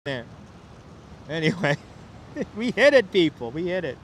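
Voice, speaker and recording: A chatty Brooklyn man with a high voice hosts a live walking stream from a city waterfront, greeting viewers by name and joking with the chat. A clip-on wireless mic keeps his voice close, with faint traffic and city hum behind him. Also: big pitch swings, a little slow. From Brooklyn, New York. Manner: chatty, reads out viewer names and jokes with chat.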